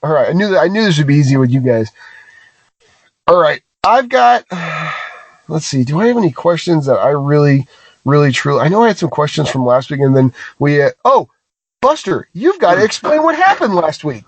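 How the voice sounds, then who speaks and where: A man's voice: fairly high pitch, lively intonation, fairly quick, no room sound. A man hosting a podcast in casual chat, rambling and repeating himself, with a bit of swearing. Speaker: podcast host. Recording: dull dry sound.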